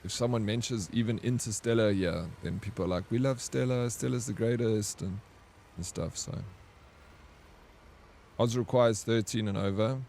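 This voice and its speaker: Guy streaming a game, lowish voice, teasing his chat and reading msgs out loud, laid back. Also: normal speed, vocal fry, a little hiss or hum. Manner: bantering with viewers, reading chat aloud. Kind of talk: casual livestream chat.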